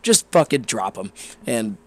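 A young man telling a long, rambling, profane story with animated energy in a casual podcast chat. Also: mid-range voice, measured pace.

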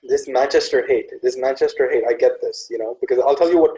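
A man hosting a casual chat, telling stories in an animated way and acting out what others said. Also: medium pitch, quick pace, low-quality recording. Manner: animated storytelling with acted-out quotes.

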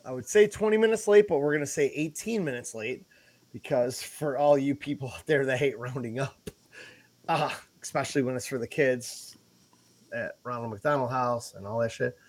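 A man co-hosting a podcast, telling crude, animated stories in casual banter over a remote call. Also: mid-range voice, moderate pace. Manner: profane, animated storytelling. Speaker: podcast co-host. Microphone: remote call setup.

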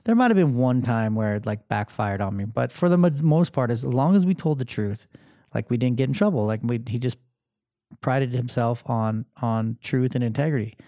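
A man's voice: mid-range voice, moderate pace, no room sound. A man in his thirties, casually telling a personal story with lots of fillers and acted-out voices. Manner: animated, acts out voices, many fillers. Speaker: podcast host telling a story.

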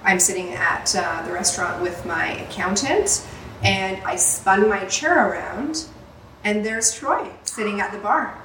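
A woman's voice: mid-range voice, a little slow, a bit bright, distant mic, slight background noise. A woman, a salon owner hosting a podcast, telling a story with lots of swearing and laughter. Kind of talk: casual storytelling chat. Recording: roomy, off-mic with faint ambience.

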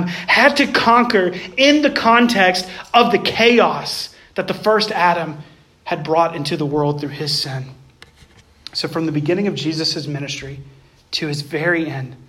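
A man with a notably high voice delivers a sermon with strong emphasis. He swings from raised, insistent passages to quiet, hushed ones and speaks to his listeners directly as "guys". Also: a little slow. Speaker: pastor.

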